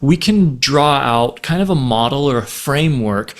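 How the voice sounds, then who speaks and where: Gentle man telling a teaching story. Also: mid-range voice, animated, normal speed. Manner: acts out quoted voices in stories. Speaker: relationship speaker. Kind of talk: storytelling talk.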